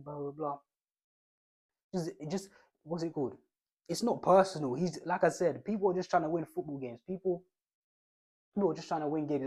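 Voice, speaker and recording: A man's voice: on the high side, darkish tone, breathy edge. A young man giving casual football advice, rambling in slang and restarting his phrases often.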